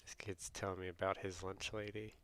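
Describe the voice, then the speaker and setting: A man streaming a game and chatting casually, relaxed and joking, on a desk mic. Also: deep voice, a little fast. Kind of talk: casual chat while gaming.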